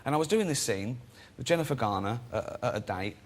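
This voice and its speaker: A man's voice: mid-range voice, expressive, fairly quick. A man, a chat show guest telling self-deprecating anecdotes in a casual, chatty way and laughing often.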